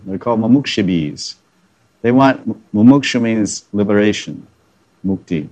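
A man's voice: fairly low pitch, lively intonation, measured pace, a little mellow. A man giving a devotional lecture as a spiritual teacher, chuckling at his own jokes and acting out the voices of the people he quotes.

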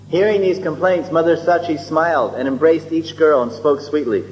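A man recounts a sacred story as a sermon, chuckling and wandering off into asides as he restarts his sentences. His voice sits a little high. It rings through a long, reverberant hall on a dull recording with a faint hum. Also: moderate pace, few pauses, soft background music. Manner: chuckling, digressive, many restarts. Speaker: religious storyteller.

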